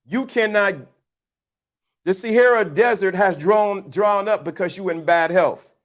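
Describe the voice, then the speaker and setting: A man's voice: high-pitched, measured pace. A man hosting a livestream, giving his blunt, preachy, teasing opinions to the chat in a casual, slangy way. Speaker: livestream host.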